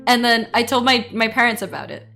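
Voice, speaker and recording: A high-pitched young-sounding woman chats with her stream audience. Her voice swoops up and down as she tells animated stories and breaks into frequent giggles. Soft music plays faintly behind her. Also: a little fast, vocal fry. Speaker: VTuber streamer. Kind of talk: casual livestream chat.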